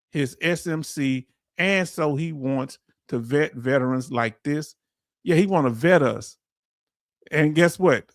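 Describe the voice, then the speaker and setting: A man's voice: on the high side, no room sound, studio quality. A middle-aged man, hosting a casual livestream and ranting bluntly while answering chat. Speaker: veteran livestream host.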